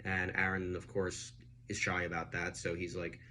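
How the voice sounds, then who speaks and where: A man chatting casually as he reviews a film, animated and full of fillers. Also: deep voice, moderate pace, slight background noise.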